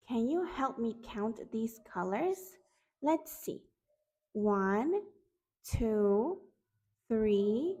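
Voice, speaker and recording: A woman teaching young children in a video lesson, talking in a slow, sing-song, coaxing way. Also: a little high, big pitch swings, a little mellow, low-quality recording.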